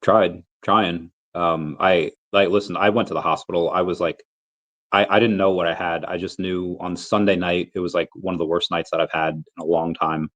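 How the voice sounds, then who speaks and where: A man's voice: deep voice, fairly even intonation, moderate pace, a bit bright, muffled recording. A man in his thirties with the flu, coughing now and then, hosting a casual livestream Q&A and rambling through his thoughts with many restarts. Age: 30s. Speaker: crypto livestream host.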